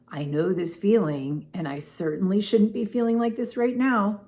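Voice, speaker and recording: A middle-aged woman chatting casually to camera, telling a personal story in an animated way, with lots of "like" and "oh my gosh.". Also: medium pitch, normal speed. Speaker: vlogger.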